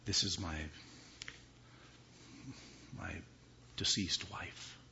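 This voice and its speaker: A man voicing a calm, chilling husband who killed his wife, speaking low and half-whispered. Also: measured pace, creaky, slight background noise, heavily acted. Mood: cold, hushed. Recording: dull lo-fi recording.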